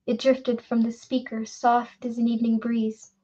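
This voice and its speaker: A woman giving a steady, expressive audiobook narration. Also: a little high, moderate pace. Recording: dull lo-fi recording.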